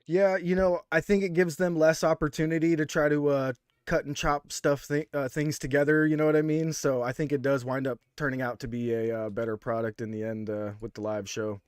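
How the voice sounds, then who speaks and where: A man's voice: a little high, fairly even intonation, fairly quick, few pauses, clean tone, dry recording, studio quality. A man hosting a wrestling review podcast, upbeat and hyped, with lots of fillers. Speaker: podcast host. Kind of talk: casual wrestling podcast chat.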